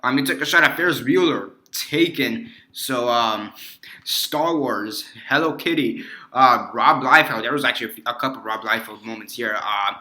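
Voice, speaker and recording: A man's voice: medium pitch, normal speed, pushed and bright. A man casually reviewing a movie on his video channel, rambling with many fillers and restarts and swearing freely.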